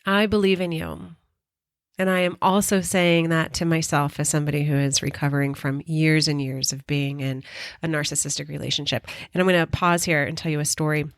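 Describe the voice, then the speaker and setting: A woman's voice: low voice, steady tone, fairly quick, no echo, clean studio sound. A middle-aged woman hosting a podcast, telling a personal story in an earnest, emotional way and swearing casually. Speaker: podcast host.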